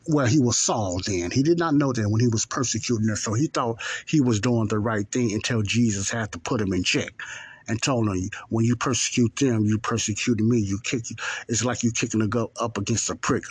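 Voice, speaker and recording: A man giving informal Bible teaching in a plainspoken, conversational way, slowing down to repeat key phrases for emphasis. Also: medium pitch, slightly rough, dry recording. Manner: plainspoken, conversational, checks in with "okay".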